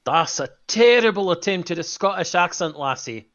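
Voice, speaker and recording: A man co-hosting a casual chat about game trailers, animated and quick to laugh, with halting restarts. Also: high voice, lo-fi sound. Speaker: co-host.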